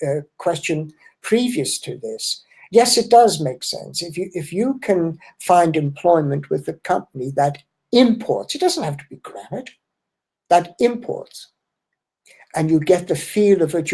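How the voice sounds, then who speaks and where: A man's voice: fairly high pitch, darkish tone. A man answering audience questions in a webinar as an import-export trainer, explaining with emphasis and correcting himself.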